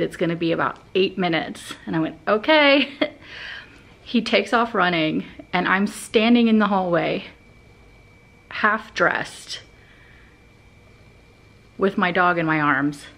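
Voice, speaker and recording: A woman's voice: lowish voice, a bit bright. A young woman vlogging casually, telling stories in a chatty way full of fillers. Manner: chatty storytelling, many fillers like "like". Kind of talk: casual vlog chat. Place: hotel room and outdoor path.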